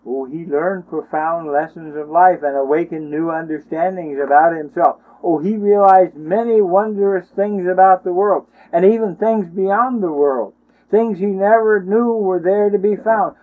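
A man recounts a story aloud in a high voice, a little slowly, and the sound is tinny like a phone line. His telling is dramatic and emotional, with many lines opening on "oh" or "well."

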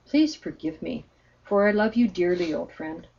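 A woman's voice: on the low side, moderate pace, vocal fry, slightly rough, muffled recording. Woman reading as a tender dying old man. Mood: remorseful. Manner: soft, pleading confession.

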